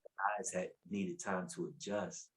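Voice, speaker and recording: A man's voice: sits low, normal speed, low-quality recording. A man telling his personal faith testimony as a podcast guest in a casual, colloquial way, repeating words as he goes and acting out what people said. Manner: animated, acts out quotes with raised voice.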